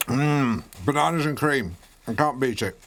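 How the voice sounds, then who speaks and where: A pompous, blundering middle-aged radio host, who stumbles and corrects himself mid-sentence. His pitch swoops up and down with lively swings as he presents his show. He sounds smug and cheerfully clumsy. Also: unhurried, a little hiss or hum. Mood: breezy. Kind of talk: sitcom radio-show acting.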